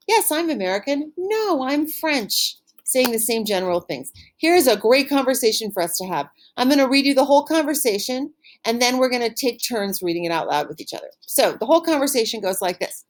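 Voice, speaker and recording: A woman leads a recorded French lesson for pupils at home, saying each word slowly so it can be repeated and cheering them on. Her voice sits a little high and swoops lively up and down. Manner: encouraging, upbeat praise. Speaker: French teacher. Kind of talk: recorded online language lesson.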